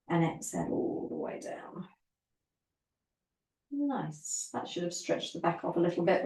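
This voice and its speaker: A woman teaching a guided Pilates session, giving calm, encouraging step-by-step cues for breathing and movement. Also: medium pitch, distant mic. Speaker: Pilates instructor. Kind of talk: guided exercise class. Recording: roomy echo, voice from off the mic.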